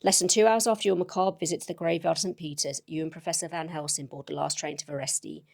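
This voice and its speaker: A woman playing through a gamebook, reading it aloud briskly and steadily with casual asides between choices. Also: deep voice, steady tone, vocal fry, a little mellow. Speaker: gamebook player. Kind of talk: reading a gamebook aloud with own play comments.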